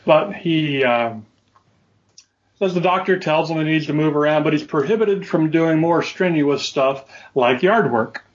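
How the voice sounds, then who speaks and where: A man's voice: fairly high pitch, unhurried. A man telling a story to his co-hosts in casual chat, with dry, wry humor. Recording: dull lo-fi audio.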